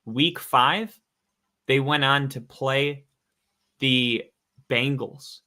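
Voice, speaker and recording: Man, podcast co-host, bright tone, animated storytelling, casual. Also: medium pitch, very slow. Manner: animated storytelling, acts out quotes. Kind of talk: casual sports chat.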